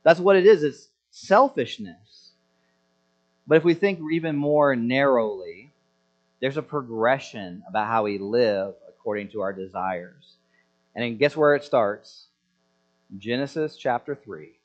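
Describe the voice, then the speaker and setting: A man in his thirties delivers a sermon with a lively, self-deprecating pastor's touch, sometimes putting on quick voices to act out complaints. His pitch sits in a plain middle range, and the recording has a slightly dull, lo-fi edge. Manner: animated, self-deprecating, acts out quoted grumbling.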